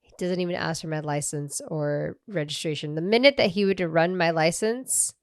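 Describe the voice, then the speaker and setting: Young woman on a podcast, kinda low smooth voice, swears a lot, acts out the quotes. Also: normal speed, no echo, clean studio sound. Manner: animated, swears, acts out quotes, laughs often. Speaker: podcast co-host. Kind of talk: casual storytelling chat.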